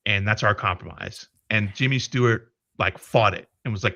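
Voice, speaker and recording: A man with a low, bright, forceful voice tells a story in casual chat, swearing freely and tripping over restarts. The sound is close and dry. The audio is slightly dull and lo-fi. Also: moderate pace, creaky, no echo. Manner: profane, animated retelling with many restarts. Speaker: podcast co-host.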